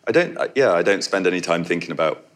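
A very low-pitched man with a Yorkshire accent talks casually about his film at an audience Q&A. He laughs often and trips over restarts as he speaks. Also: lively intonation, fast. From Yorkshire, England. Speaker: film director at a Q&A. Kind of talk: casual conversational answers.

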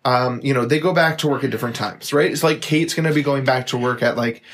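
A man in the middle of his range co-hosts a casual podcast, a bit tipsy after a few drinks. He rambles with quick asides and tangents. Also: medium pitch, fairly bright tone, a little hiss or hum. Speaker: podcast co-host, new father. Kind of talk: casual chat.

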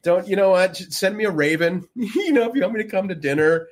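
A man's voice: high-pitched, expressive, fast talker. A man co-hosting a podcast in casual chat, rambling with lots of fillers and acting out quotes as he goes. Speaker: podcast co-host.

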